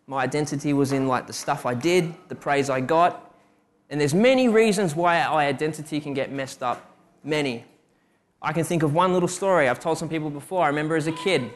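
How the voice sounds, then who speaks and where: A young man preaching a sermon, telling personal stories and asking rhetorical questions. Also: fairly high pitch. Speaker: preacher giving a testimony.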